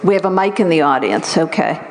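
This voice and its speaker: A woman's voice: low voice, animated, brisk, slight background noise. A woman moderating an onstage conversation with an author, often stopping and restarting as she searches for words. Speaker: interviewer, moderator.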